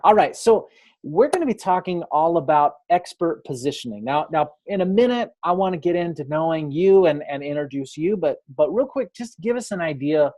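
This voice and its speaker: A man's voice: fairly high pitch, animated, moderate pace, darkish tone. A man from the United States hosting a live interview, asking questions in a friendly, chatty way with frequent restarts, over a video call. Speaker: interview host.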